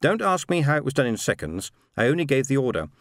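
A man's voice: medium pitch, big pitch swings, fast, dry recording, clean studio sound, voice pushed up. A man voicing a brusque, powerful machine intelligence that speaks through robots, reading a story.

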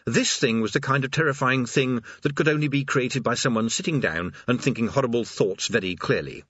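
A man's voice: medium pitch, brisk, fairly bright tone, no room sound, lo-fi sound. A man narrating a comic fantasy audiobook in a dry, wry storytelling manner.

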